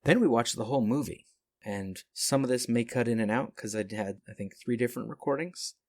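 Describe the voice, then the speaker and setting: A man's voice: medium pitch, brisk, dry recording. A man as podcast host, narrating between recordings in a plain, matter-of-fact way.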